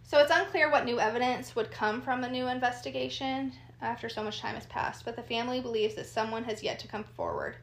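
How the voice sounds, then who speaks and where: A woman's voice: a little high, big pitch swings, brisk, hardly any pauses, echoey room, low-quality recording. A woman co-hosting a true crime podcast, steadily recounting case details and reading out quotes. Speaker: podcast co-host.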